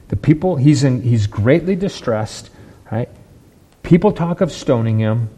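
A man's voice: mid-range voice, warm tone, breathy edge. A man preaching a sermon, making emphatic points and checking in with his listeners by asking "right?" and "okay?". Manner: repeats and restarts words while building points.

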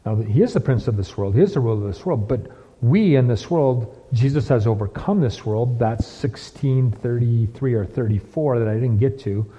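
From the pulpit, a pastor with a dark, husky, mid-range voice delivers a sermon at normal speed, rolling out long rhetorical questions he repeats again and again. The audio is dull and lo-fi, with long hall reverb trailing every word.

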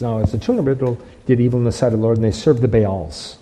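A man's voice: medium pitch, fast talker, warm tone, low-quality recording. A man preaching a sermon as pastor, emphatic, repeating phrases and restarting lines.

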